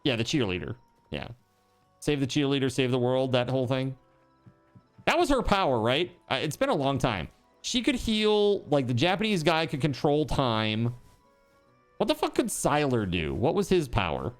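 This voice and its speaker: A man streaming a game, rambling and joking in casual chat with plenty of swearing. His voice is smooth and clear, and it swings widely up and down in pitch. Faint game music plays underneath him. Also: big pitch swings, normal speed.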